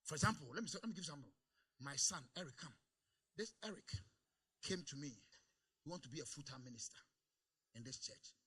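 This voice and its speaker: A man preaching a sermon in a church service, calling for amens and swinging between quiet asides and loud exclamations. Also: on the high side, lively intonation, fairly quick, pauses often, breathy edge. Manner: calls for amens from the congregation. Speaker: pastor.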